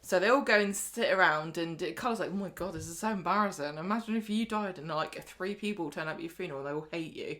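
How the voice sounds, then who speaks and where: A woman's voice: fairly low pitch, fast, few pauses, fairly bright tone. A woman co-hosting a podcast, retelling scenes chattily and slipping into voices for the characters. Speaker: podcast co-host. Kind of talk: casual recap chat.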